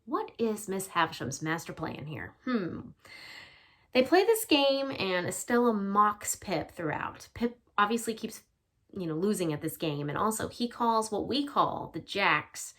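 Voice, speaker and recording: A woman's voice: mid-range voice, big pitch swings, unhurried, fairly bright tone. A woman English teacher giving a chatty literature lesson, explaining with casual fillers.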